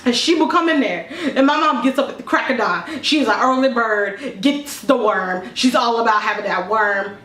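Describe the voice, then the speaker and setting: Vlog lead: high-voiced young woman, animated comic storyteller, roomy echo, a bit off-mic. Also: normal speed, hardly any pauses. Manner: animated, exaggerated, laughing through lines. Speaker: vlogger. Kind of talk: comedic storytelling monologue. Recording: echoey room, mic at a distance.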